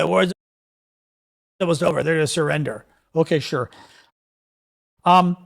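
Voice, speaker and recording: A man reading headlines on a livestream and commenting on them in a sarcastic, exasperated way, with many fillers and restarts. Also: high voice.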